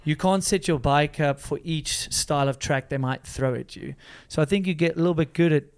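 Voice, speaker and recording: A man's voice: fairly high pitch, a little fast, smooth. A man hosting a podcast in casual, enthusiastic chat, laughing often and restarting sentences. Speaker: podcast host.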